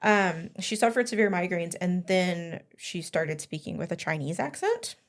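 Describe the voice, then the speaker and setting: A woman's voice: fairly low pitch, big pitch swings, moderate pace. A woman hosting a podcast, casually telling a story with lots of ums and small laughs. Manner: chatty, giggly, many ums. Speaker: podcast host.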